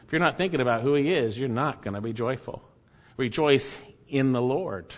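A man's voice: medium pitch, normal speed. Man preaching emphatically in a reverberant hall. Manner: emphatic preaching with many repeated phrases. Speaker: pastor. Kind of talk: sermon. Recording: muffled sound with long hall reverb.

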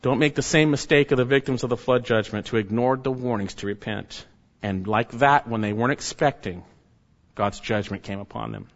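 A mid-pitched man delivers a sermon with urgent emphasis, swinging from forceful declarations to hushed warnings. His voice rings with a long reverb as if filling a large church hall. The recording sounds dull and slightly muffled. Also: normal speed. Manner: emphatic, urgent, with sharp rises and hushed drops. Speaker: preacher.

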